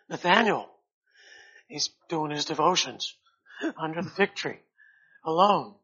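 A male preacher delivers a sermon at a slow, unhurried pace, his voice bright and a little husky. He swells loud on key words and then sinks to near a hush. The recording is dull and lo-fi. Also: fairly high pitch, animated.

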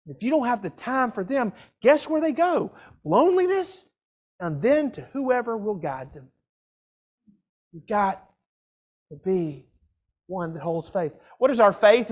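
An older man preaching a sermon, asking rhetorical questions and swinging from loud cries to hushed tones. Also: very high voice.

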